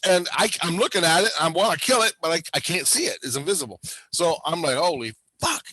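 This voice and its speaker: A man telling a wild story in casual chat, animated and profane, acting out what people said. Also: a little high, fast, no echo. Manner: animated, profane, acts out quotes.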